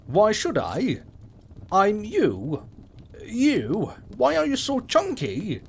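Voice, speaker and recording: A man's voice: fairly high pitch, wildly swooping pitch, takes it slowly, slight background noise, exaggerated voice. A man voicing a bossy, defiant six-year-old girl who talks in an indignant, bratty way.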